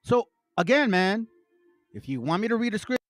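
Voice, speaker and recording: Pushy higher-voiced man hosting callers. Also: very animated, moderate pace, soft background music. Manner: interrupting, challenging, repeats himself. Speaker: livestream host taking callers. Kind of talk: heated call-in debate.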